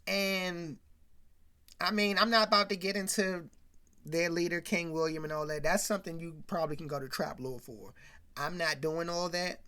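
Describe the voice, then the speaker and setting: Bright-voiced slangy recap vlogger. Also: medium pitch, normal speed. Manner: slangy, rambling, talks straight to the audience; gets louder and more animated when retelling scenes. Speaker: show recap commentator. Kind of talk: casual commentary recap.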